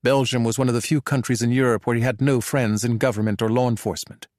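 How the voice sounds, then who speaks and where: A male audiobook narrator reading a suspense thriller in a measured, even delivery at a middling pitch. His voice is recorded close and dry, with no room sound around it. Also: no room sound.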